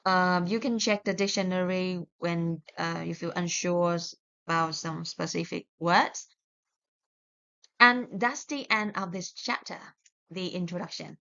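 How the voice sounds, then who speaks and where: A woman's voice: on the low side, creaky, sharp tone. A woman teaching English pronunciation in a recorded video lesson, saying example words one at a time and explaining plainly, with small restarts. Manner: slow, deliberate, modelling words one by one. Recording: dull lo-fi recording.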